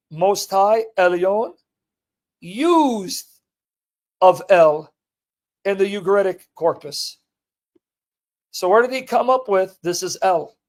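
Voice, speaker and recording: Man, high voice, livestream host, emphatic, reading aloud and quizzing viewers. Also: a little mellow. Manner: emphatic, rhetorical questions to viewers. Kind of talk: live teaching and commentary, reading a text aloud.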